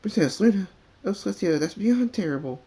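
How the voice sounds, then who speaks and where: Guy putting on a squeaky little filly pony, excitable, teary, storybook reading. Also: fairly quick, lightly acted. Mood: pleading. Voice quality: high and squeaky. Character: excitable young filly pony, tearful and pleading.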